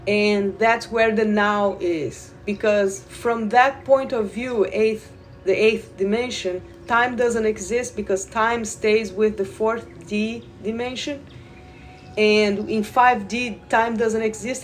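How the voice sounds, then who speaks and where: A woman who guides Reiki, talking slowly and loosely to viewers in a live stream, repeating words and addressing them directly. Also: mid-range voice, steady tone, soft background music. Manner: slow, meandering, repeats words, talks to viewers. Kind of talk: live spiritual stream talk.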